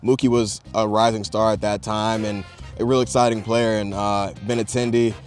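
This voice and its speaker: A young pro baseball player from Texas, answering interview questions in a laid-back, soft-spoken way with lots of fillers. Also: male voice, fairly low pitch, flat delivery, normal speed, soft background music. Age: young adult. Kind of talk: casual interview.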